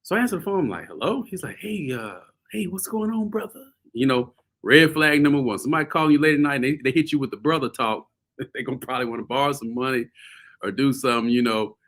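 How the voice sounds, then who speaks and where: A man hosting a show, telling a story casually to his viewers, animated and laughing often. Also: medium pitch, quick pace. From US South. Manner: animated, laughing often, addresses audience as y'all. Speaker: host.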